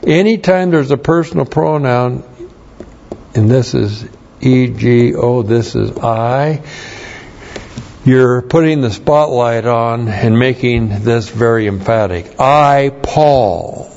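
A man teaches scripture from the pulpit at an unhurried, deliberate pace, spelling out Greek words letter by letter and repeating key phrases. His voice sits in an ordinary middle register. The sound is dull and lo-fi, like an old church recording. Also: medium pitch, gravelly, darkish tone, slight background noise. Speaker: pastor. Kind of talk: verse-by-verse Bible teaching.

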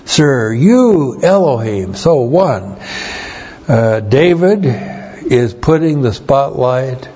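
A middle-aged man preaching a sermon, teaching slowly and with heavy emphasis, his voice a little strained. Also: mid-range voice, very animated, dark tone, slightly rough, lo-fi sound. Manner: slow, emphatic Bible teaching with repeated stresses. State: strained voice, coughing. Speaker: pastor.

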